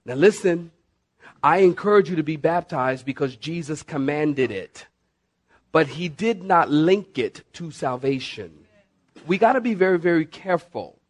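A middle-aged male pastor preaches with an emphatic, pressing delivery. He keeps calling on his listeners and swings between quick runs and slow, stressed words. His voice sits fairly high for a man. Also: lively intonation. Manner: emphatic, repeats "listen" and "saints", varies pace sharply. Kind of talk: sermon.

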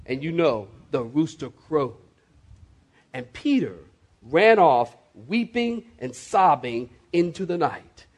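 A man's voice: fairly high pitch, big pitch swings, takes it slowly. A man preaching a sermon as pastor, emphatic and calling for responses from the congregation, with swift asides.

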